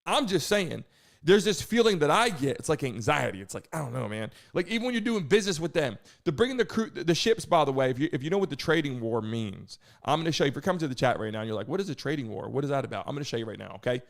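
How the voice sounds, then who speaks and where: A man hosting a live stream, hyping the chat, shouting out viewers and talking loosely with some swearing. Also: fairly high pitch, sing-song, fast talker, creaky. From United States.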